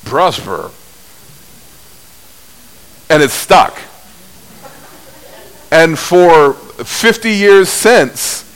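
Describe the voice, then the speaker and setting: A man preaching a sermon, telling stories at an unhurried pace with big swings in pitch and loudness. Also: poor audio. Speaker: pastor.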